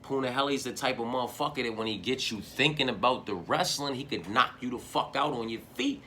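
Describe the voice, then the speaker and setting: A man giving a profane fight preview, swinging from shouted hype to low, muttered repetition. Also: brisk, slight background noise. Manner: heavy profanity, repeats phrases. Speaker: MMA fight analyst.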